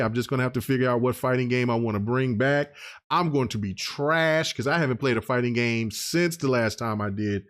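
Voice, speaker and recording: A man hosting a gaming podcast in loose, rambling casual chat, full of filler phrases. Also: mid-range voice. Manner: loose and rambling, full of "you know what I'm saying". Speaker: podcast host.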